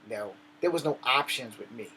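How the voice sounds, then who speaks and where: A man's voice: medium pitch, lively intonation, moderate pace, pushed and bright, slight background noise, rough recording. A man telling a personal story in a blunt, profane, swaggering way. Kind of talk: casual spoken storytelling.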